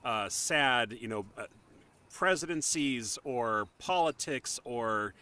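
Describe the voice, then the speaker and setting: A man's voice: medium pitch, expressive, takes it slowly, bright, forceful tone, clean tone. A man hosting a podcast, talking enthusiastically and laughing easily. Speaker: podcast host. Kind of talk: casual chat.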